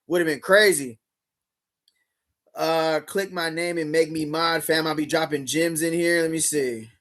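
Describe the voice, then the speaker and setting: A man with a fairly high voice hosts a casual livestream. He talks loose and slangy, full of hype, and keeps turning to his chat. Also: steady tone, a little slow, fairly bright tone. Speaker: livestream host. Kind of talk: casual livestream reaction commentary.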